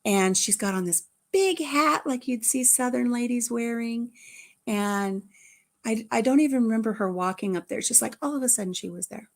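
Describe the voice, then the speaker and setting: A woman's voice: a little high, normal speed. Chatty grandmotherly woman storyteller. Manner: chatty storyteller with frequent restarts. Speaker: vlogger telling a family story. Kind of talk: casual chat.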